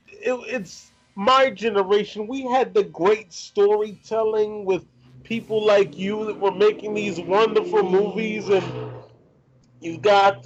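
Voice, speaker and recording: High-voiced eager young interviewer. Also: male voice, lo-fi sound. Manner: eager, gushing, outspoken. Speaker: interviewer and channel host. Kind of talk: enthusiastic fan interview.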